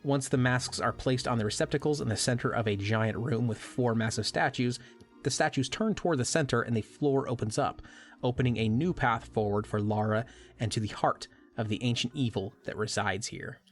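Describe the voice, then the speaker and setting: A man's voice: medium pitch, brisk, faint music behind. Man narrating a wry game recap. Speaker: podcast co-host, narrator.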